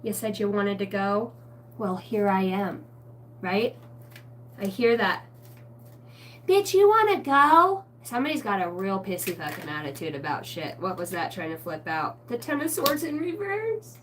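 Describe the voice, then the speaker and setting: A woman giving a rambling spiritual tarot reading, excitable and swearing constantly in a stream-of-consciousness flow. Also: mid-range voice, normal speed, far from the mic, slight background noise. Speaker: tarot reader.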